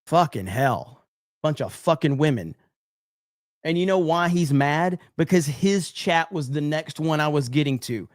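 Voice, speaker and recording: Livestream host, man, slightly high voice, blunt and profane, close dry sound. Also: expressive, unhurried, dry recording. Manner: profane, blunt, mock-angry banter with chat. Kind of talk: casual livestream chat reading donations.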